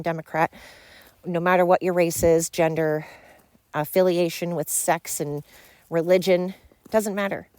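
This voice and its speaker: A woman hosts a podcast, ranting bluntly and fired up in an opinionated way, swearing freely. Her voice is fairly low with a darkish tone, in a dry recording.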